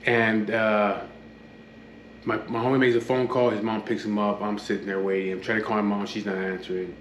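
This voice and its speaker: A man's voice: lowish voice, level tone, brisk. A man from the Los Angeles area, casually telling his own story in a blunt, profane, matter-of-fact way, acting out what others said in his own voice. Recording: echoey room with faint background hum.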